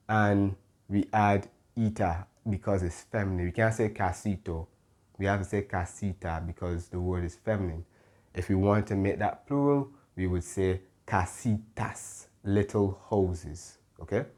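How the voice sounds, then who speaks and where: A man's voice: fairly low pitch, darkish tone. A man teaching a Spanish lesson, patiently explaining rules, checking in with "okay?" and correcting himself as he goes. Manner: pauses and corrects himself mid-sentence. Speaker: Spanish tutor.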